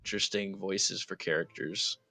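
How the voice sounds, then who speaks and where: A man's voice: sits low, steady tone, moderate pace, vocal fry, pushed and bright, no room sound. A man chatting enthusiastically as a player in a tabletop game's setup session, laughing often. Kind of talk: casual chat before a tabletop game.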